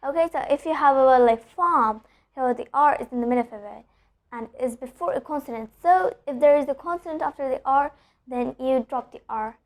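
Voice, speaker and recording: A young woman with a high, light voice teaches pronunciation in a casual online lesson. She explains each rule step by step and says her example sentences slowly, then repeats them.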